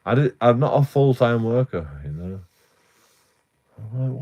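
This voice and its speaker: A man's voice: medium pitch, lively intonation, measured pace, a little mellow, highs cut off. A young man, ranting casually on a live stream, rambling with heavy swearing and many restarts.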